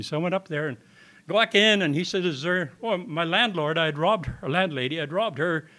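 A man's voice: a little high, expressive, fairly quick, bright, forceful tone. An older man telling a personal testimony to an audience in a meeting hall, with plain folksy storytelling and acted-out dialogue. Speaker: recovery meeting speaker.

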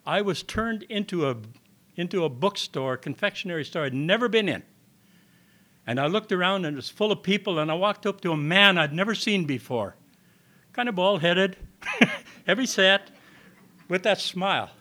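Older man, folksy storyteller, testimony to a crowd, fairly high pitch. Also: lively intonation, moderate pace, long pauses, pushed and bright. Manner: plain folksy storytelling, acts out dialogue. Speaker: recovery meeting speaker. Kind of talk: personal testimony to an audience. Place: meeting hall.

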